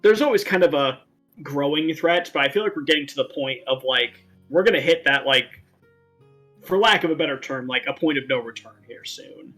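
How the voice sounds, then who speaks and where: A man hosts a relaxed chat show, his voice bright and forward. He rambles through his thoughts with plenty of fillers. Faint music plays softly behind him. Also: fairly high pitch, moderate pace, rough recording. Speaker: talk show host. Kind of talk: casual chat.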